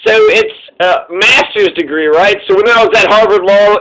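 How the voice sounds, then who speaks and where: A man's voice: sits high, sing-song, measured pace, fairly bright tone, low-quality recording. A man hosting a casual commentary video, mocking and profane, with a rambling delivery.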